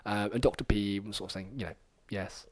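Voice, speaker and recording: A man hosting a podcast, telling a story in a rambling, animated way with lots of fillers. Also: lowish voice, fast, no room sound. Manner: rambling and animated, many fillers, acts out quoted lines. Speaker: podcast host.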